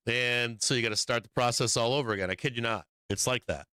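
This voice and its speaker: A man with a bright, crisp voice and a lowish pitch, riffing through live market commentary. He swears freely and rambles as he sketches charts on the fly. The sound is dry and close, with no room around it. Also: fairly even intonation, brisk, few pauses, no echo. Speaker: stock market livestream host.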